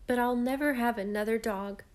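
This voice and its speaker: A woman reading aloud and voicing a heartbroken boy who speaks sternly and in a choked, slow voice. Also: on the high side, close to an everyday voice. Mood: grieving. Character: proud, heartbroken boy who loves dogs.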